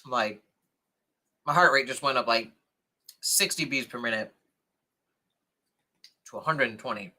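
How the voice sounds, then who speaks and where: A young man hosts a casual livestream, reading comments and thanking his viewers with excitable, chatty energy. His voice sits at a middling pitch and has a very bright, forceful tone. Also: unhurried, long pauses. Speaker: livestream host.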